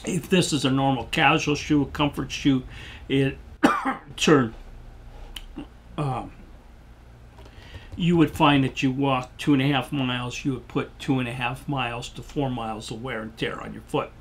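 Older man with a gravelly, fading voice. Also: steady tone, unhurried, pauses often, slight background noise. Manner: rambling, folksy sales pitch with restarts. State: losing his voice, coughing. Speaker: shoe company salesman. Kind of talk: product demonstration.

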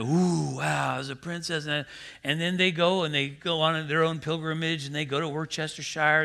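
A male pastor delivering a sermon, animated and emphatic, slipping into mimicked voices for quotes and breaking in with direct asides to the congregation. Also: high voice. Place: church.

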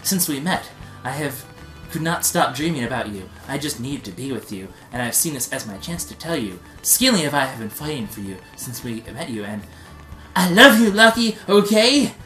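A lovesick young man pours out his feelings, earnest and keeps slipping into giggles, as a man reads him. The voice is bright and lively and carries an echo. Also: medium pitch, normal speed, soft background music.

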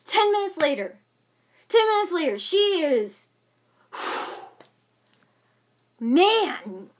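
High-voiced young woman ranting. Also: very animated, extremely slow. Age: young adult. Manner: agitated ranting, many fillers and repeats. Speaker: vlogger. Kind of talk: casual venting vlog.

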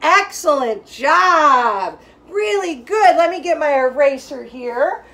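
Bright, lively woman teaching young children. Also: high-pitched, takes it slowly. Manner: clear, encouraging teacher talk with chanted rhythm syllables. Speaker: music teacher. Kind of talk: children's music lesson.

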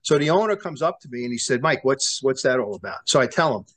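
Animated New man telling stories. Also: mid-range voice, fast talker. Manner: animated storyteller who acts out quoted dialogue, many restarts. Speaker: former prosecutor, guest. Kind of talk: storytelling in a sit-down interview.

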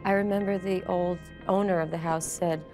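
Woman telling a ghost story, low-pitched. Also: fairly even intonation, normal speed, music in the background. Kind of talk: documentary interview storytelling.

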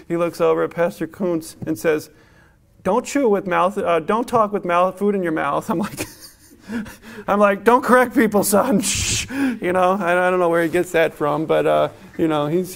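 A man's voice: a little high, creaky. A middle-aged man preaching a sermon as a pastor in a church, in a conversational way, laughing often and acting out what people say.

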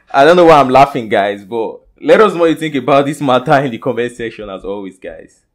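A man's voice: medium pitch, animated, brisk. A man with a Nigerian accent who hosts a gossip news vlog, reading the stories casually and putting questions to his viewers. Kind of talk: reading celebrity news to camera.

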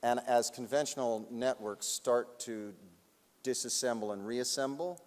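A man telling a long, animated anecdote at a public talk, laughing often and acting out other people's lines. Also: medium pitch, unhurried. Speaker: award recipient speaking on stage. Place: large auditorium. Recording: long hall reverb.

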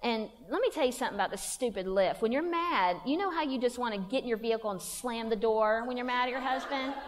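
Fast and on the high side, a woman's voice carries through a church hall's long reverb. She's giving a humorous personal testimony to a women's church conference, folksy and self-deprecating.

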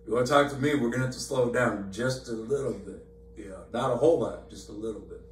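Talking fast in a mid-range voice, a man guides an informal Bible study in a church meeting room, his speech conversational and full of fillers and repeats. It's recorded in an echoey room far from the mic, with a faint hum underneath.

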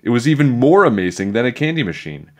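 A man reading a children's chapter book aloud in a playful, animated storytelling manner. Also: mid-range voice, fast talker. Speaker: storybook reader.

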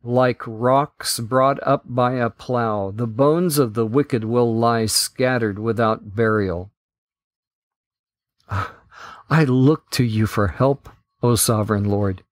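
A man hosting a Bible podcast, reading scripture in a measured, deliberate way. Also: medium pitch, dry recording, studio quality.

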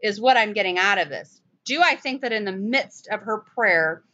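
Animated woman teaching the Bible. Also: medium pitch, moderate pace. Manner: animated, emphatic, self-correcting. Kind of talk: conversational Bible study. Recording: dull lo-fi recording.

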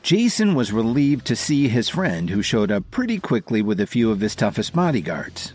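A man narrating a dramatic audio story in a scripted, expressive manner. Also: mid-range voice, moderate pace, few pauses, breathy edge, soft background music.

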